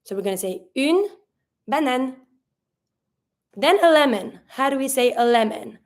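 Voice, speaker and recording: A woman with a fairly high voice gives an online language lesson. She walks through each word patiently and step by step, in a clear teaching manner. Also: animated, fairly quick. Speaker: French teacher.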